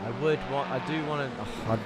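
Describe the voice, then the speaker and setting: A man commentating an online sim race, excitable and chatty, reading out viewer messages between the action. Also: medium pitch, fairly quick, background noise. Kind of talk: live esports race commentary.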